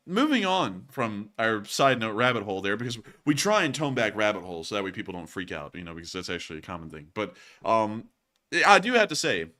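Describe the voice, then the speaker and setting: A man hosts a livestream in a bright, forward voice. He rambles casually, padding his thoughts with fillers as he answers questions and thanks his viewers. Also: mid-range voice. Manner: rambling, chatty, frequent "uh" and "let's see here". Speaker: war news show host.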